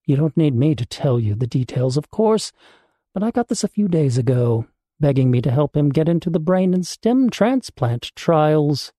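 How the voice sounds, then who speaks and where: A man voicing a calm, calculating male black-market doctor in a storybook reading, with a fairly high but mellow voice. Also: normal speed, dry recording, studio quality. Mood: calm menace. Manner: calm, calculating, matter-of-fact.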